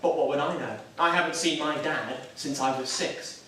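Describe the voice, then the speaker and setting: A man's voice: on the high side, normal speed, bright, forceful tone, a little hiss or hum. An actor playing a nervous, self-doubting young Catholic man, talking in a hesitant, wry, self-deprecating way in a stage drama. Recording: echoey room, mic far off.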